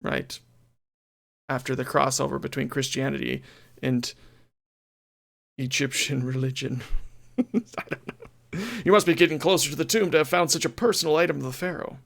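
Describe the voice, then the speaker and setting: A man's voice: medium pitch, steady tone, a little fast, gravelly, long pauses, fairly bright tone. A man streaming a retro game, chatting casually and playfully, reading game text aloud with mock drama.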